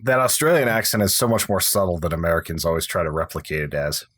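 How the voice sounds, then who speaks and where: Deep-voiced man making thoughtful film remarks. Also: lively intonation, quick pace, fairly bright tone. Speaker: podcast co-host. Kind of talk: casual film review chat.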